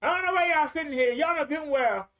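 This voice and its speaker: A man voicing a tactless loudmouth who mocks people out loud, pitched up and blunt. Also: fast. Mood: mocking. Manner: mocking, blunt. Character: tactless loudmouth adult who blurts insults.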